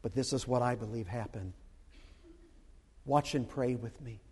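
An older man preaching a dramatic sermon who breaks into loud, shouted quotations. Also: mid-range voice, a little slow, husky, long reverb tail.

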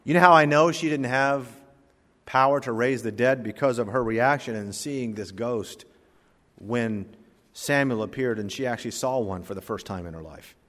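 A male pastor preaching a sermon and reading scripture, with dramatic swings between loud emphasis and quiet asides. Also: mid-range voice, normal speed. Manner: reads scripture in King James wording. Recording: long hall reverb.

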